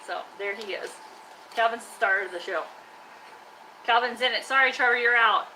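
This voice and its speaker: A woman's voice: fairly high pitch, moderate pace, bright, forceful tone, a little hiss or hum, poor audio. A woman chatting casually on a live stream from her workshop, teasing and scolding her trash can like a buddy. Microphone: live-stream camera mic.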